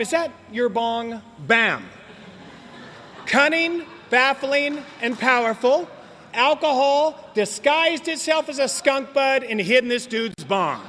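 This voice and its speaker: High, bright-voiced man telling his story. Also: animated, slow pace, slight background noise. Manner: joking, slangy, talks straight to the audience. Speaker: recovery meeting speaker. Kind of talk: storytelling share at a recovery meeting. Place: meeting hall. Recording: long hall reverb.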